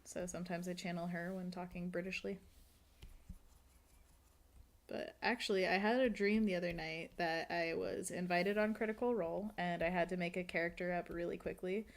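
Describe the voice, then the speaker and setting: A woman's voice: fairly low pitch, steady tone, fairly quick, hardly any pauses. A woman chatting casually while drawing on a live stream, rambling and laughing often, seated at a desk at home.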